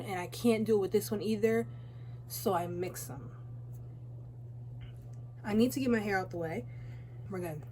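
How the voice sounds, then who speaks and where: A woman's voice: medium pitch, darkish tone, slight background noise. Chatty teenage girl, rambling vlog. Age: teens. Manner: rambling, chatty, self-interrupting. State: out of breath. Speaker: beauty vlogger. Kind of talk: casual storytime chat while doing makeup. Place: home, by a window.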